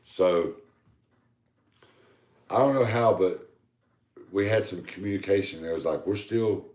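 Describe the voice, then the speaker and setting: A man with a very deep, low voice tells a long, rambling story in easy, casual talk, animated and salty. The sound carries an echo, as if he were in a bare room. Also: unhurried. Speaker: podcast co-host. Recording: echoey room.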